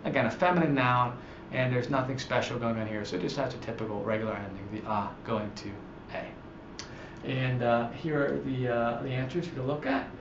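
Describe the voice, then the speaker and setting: A man teaching a recorded online language lesson, explaining slowly and repeating each example word with many fillers. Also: medium pitch, noisy background. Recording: echoey, dull lo-fi room.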